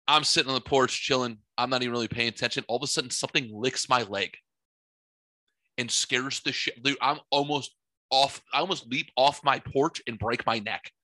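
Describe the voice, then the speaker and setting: A man spins a rambling, profane story in a bright, forceful voice. He acts out his own outbursts with theatrical flair. The sound is dry and close. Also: mid-range voice, no echo. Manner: animated, profane, theatrical retelling. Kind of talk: casual storytelling.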